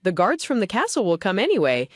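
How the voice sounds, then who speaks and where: A woman voicing an arrogant young noble boy who shouts and lectures indignantly. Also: mid-range voice, huge pitch swings, quick pace, dry recording, studio quality. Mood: haughty.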